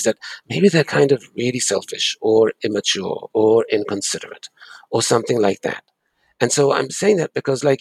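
A man with a gravelly, slightly husky voice answers questions about moving on after a breakup. He speaks earnestly and leans hard on his points. The sound is dry and close. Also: medium pitch, dry recording. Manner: earnest, emphatic, repeats key words. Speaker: guest expert on breakups. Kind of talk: advice interview.

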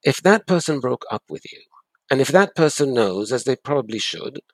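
Man, advice guest; gravelly, husky, earnest and emphatic, dry close sound. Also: medium pitch, big pitch swings, normal speed, no echo. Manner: earnest, emphatic, repeats key words. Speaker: guest expert on breakups. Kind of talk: advice interview.

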